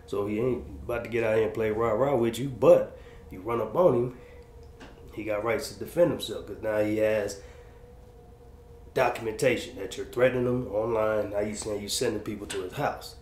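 This man hosts reaction commentary, speaking at a moderate pace in a lowish, slightly mellow voice. Relaxed and slangy, he gives big-brother advice in street terms, recorded in a roomy room with a bit of faint noise.

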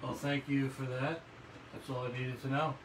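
A man's voice: mid-range voice, level tone, moderate pace, recorded from a distance. Laid-back guy cracking jokes on a live sales stream, echoey room. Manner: joking, easygoing banter. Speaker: co-host of a live jewelry sales show. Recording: echoey room with audible noise.

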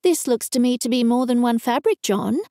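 An Australian woman voicing a sharp-tongued young woman funeral director, curt and stern in an audiobook. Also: fairly high pitch, normal speed, dry recording, studio quality, close to an everyday voice. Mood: stern, snapping. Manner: curt and raised when snapping.

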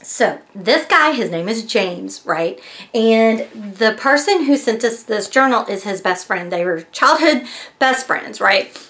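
A woman's voice: a little high, animated, measured pace, fairly bright tone. A woman chatting casually as she reviews a mystery box, retelling its story with lots of fillers. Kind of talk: casual chat.

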